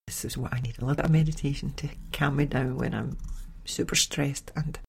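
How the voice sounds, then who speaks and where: Chatty woman with a gravelly voice. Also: very deep voice, brisk. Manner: chatty, animated, with sighs and laughs. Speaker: podcast host. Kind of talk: casual storytelling monologue.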